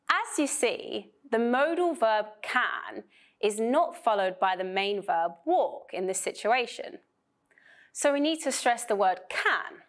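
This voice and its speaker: A woman from Vietnam giving a scripted pronunciation lesson for students, speaking slowly and clearly with careful emphasis. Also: a little high, expressive. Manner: slow, clear, emphatic teaching delivery. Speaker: pronunciation teacher.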